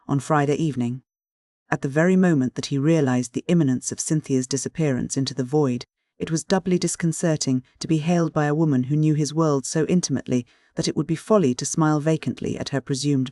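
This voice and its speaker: Dry, measured audiobook narrator. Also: medium pitch, darkish tone, no room sound. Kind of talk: scripted narration.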